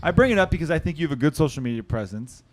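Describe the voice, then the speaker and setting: A man's voice: on the high side, animated, rapid-fire. A man hosting a podcast, talking in a joking, crude and self-deprecating way in casual bar-room chat. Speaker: podcast host.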